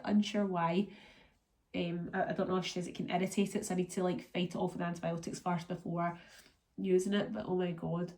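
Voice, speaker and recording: Chatty Scottish woman with a cold. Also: fairly low pitch. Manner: chatty, rambling, lots of fillers. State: congested and run down from illness. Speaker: vlogger. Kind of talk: casual vlog chat.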